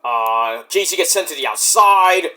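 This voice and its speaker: A man giving a casual, rambling recap of a show, excitable and profane. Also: on the high side, unhurried. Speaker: wrestling show reviewer.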